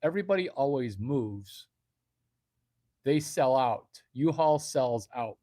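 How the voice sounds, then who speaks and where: A man's voice: mid-range voice, lively intonation, slow, warm tone, no room sound, studio quality. A man hosting a comedic livestream, ranting in a brash, profane way and reading chat messages aloud. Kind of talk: unscripted comedic rant.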